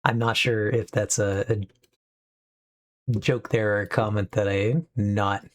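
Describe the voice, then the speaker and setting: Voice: mid-range voice, fairly even intonation, slow pace. Chatty young streamer rambling on stream. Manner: chatty, rambling, upbeat asides. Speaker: live streamer. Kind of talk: casual live-stream chat.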